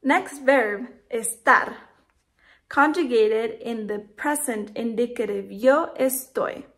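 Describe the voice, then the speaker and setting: Slow, careful woman teaching Spanish. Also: on the high side, fairly bright tone. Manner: slow, careful, spells out letters and conjugations. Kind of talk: scripted lesson narration.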